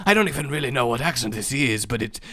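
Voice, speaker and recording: A man voicing a goofy male zombie enemy with a playful, put-on accent of no clear place. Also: medium pitch, animated, drawn-out words, fairly bright tone. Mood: chummy. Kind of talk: comic voice acting during gameplay commentary.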